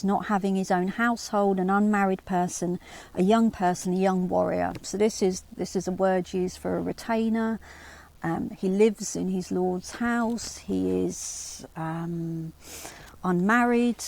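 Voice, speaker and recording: A channel host with a mid-range, gravelly, somewhat dark female voice gives a lecture on early medieval riddles. She explains at length, restarting sentences and adding rhetorical asides, and reads quoted verse aloud.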